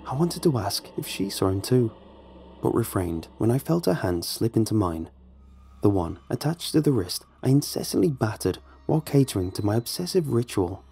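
A man narrating a first-person horror story in a measured, somber way. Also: fairly low pitch, sing-song, creaky, mellow, slightly rough.

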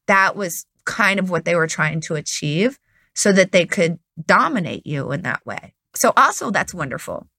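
A woman's voice: on the low side, very animated, moderate pace, vocal fry, sharp tone, no room sound, clean studio sound. A woman who is a poker expert, explaining strategy step by step in an analytical conversation.

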